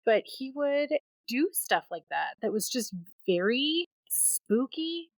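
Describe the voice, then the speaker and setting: A woman in her thirties, a podcast co-host, telling personal stories in a casual, animated way and acting out the voices she quotes. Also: on the high side, a little slow, no echo, low-quality recording. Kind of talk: casual storytelling chat.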